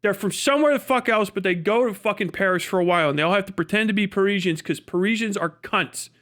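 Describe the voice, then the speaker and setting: A high-pitched man holds a loose, profane live-stream rant, laughing between his jabs. His talk is casual and full of swearing, dropped straight into the mic. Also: fast, fairly bright tone. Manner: profane, ranting, laughs often. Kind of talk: casual livestream chat.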